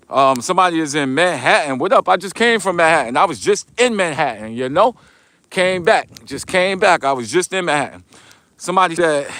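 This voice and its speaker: Walking outdoors on a snowy street, a livestream vlogger with a New York accent reads viewers' comments aloud in loose, slangy talk. His voice is a little high and a bit bright, with no echo.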